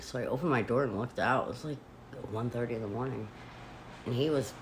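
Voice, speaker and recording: A woman's voice: rumbling low, fairly quick, long pauses, a little hiss or hum. Chatty woman telling a story in a hotel room. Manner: chatty, animated retelling with lots of "like". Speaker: vlogger. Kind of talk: casual storytelling.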